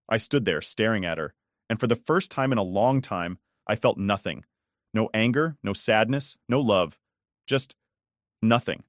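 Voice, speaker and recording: Brief: man with a lowish voice, scripted story narration, restrained and cold, dry close mic. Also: lively intonation, normal speed, no room sound. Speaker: first-person story narrator.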